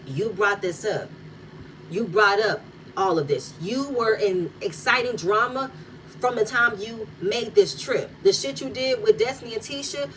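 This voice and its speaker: A woman's voice: mid-range voice, a bit bright. Blunt, heated woman ranting a recap. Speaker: reality show recapper. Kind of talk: casual reaction commentary. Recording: distant mic with faint noise.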